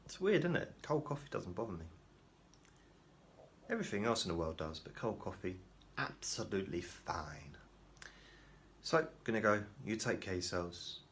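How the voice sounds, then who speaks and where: A man with a low voice talks to camera in a loose, rambling monologue. He is self-deprecating and often stops to restart his sentences. A faint background hum sits under his voice. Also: very animated, normal speed, pauses often, a bit bright. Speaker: vlogger.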